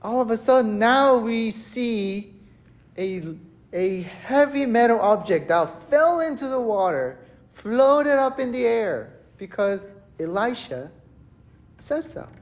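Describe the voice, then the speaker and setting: A preacher gives a relaxed, conversational sermon at an unhurried pace. The delivery is animated and talky, and the speaker keeps turning to the listeners for agreement. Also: medium pitch. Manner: animated, chatty, keeps asking "right?". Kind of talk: casual conversational sermon storytelling. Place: church worship service.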